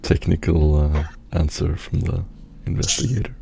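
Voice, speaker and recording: A man narrating a tabletop game as game master, with a husky, gravelly voice and a slow, measured delivery. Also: low-pitched, dark tone.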